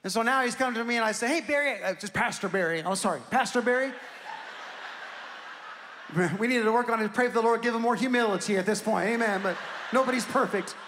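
A man preaching a sermon as a pastor, telling stories and rising to shouts at the high points. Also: fast, long reverb tail, noisy background.

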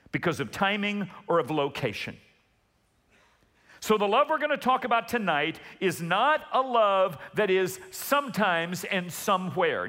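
A male pastor preaches with a high, bright voice that swings widely in pitch. He asks the congregation to repeat words back and drags out key phrases for weight. His voice rings with the long reverb of a large hall. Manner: calls for congregation responses, emphatic with slow stressed words. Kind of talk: sermon.

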